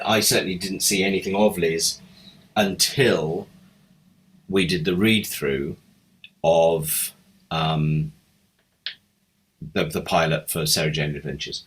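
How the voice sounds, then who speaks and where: A man's voice: deep voice, breathy edge. A middle-aged man, a television script editor, telling fond, rambling anecdotes in an interview. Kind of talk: reminiscing interview answers.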